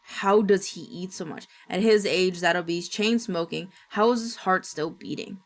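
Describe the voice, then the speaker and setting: A woman streamer reading a horror story aloud in steady, dramatic narration. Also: lowish voice, moderate pace.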